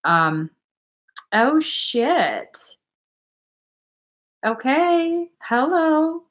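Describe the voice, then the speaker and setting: A woman's voice: a little high, lively intonation, slow, pauses often, fairly bright tone. A young woman chatting casually on a livestream as a spiritual energy reader, giggly and playful, swearing now and then.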